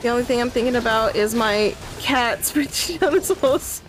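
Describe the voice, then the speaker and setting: A woman streamer chatting casually over her gameplay, breaking into excited outcries now and then. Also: a little high, fairly quick, faint music behind.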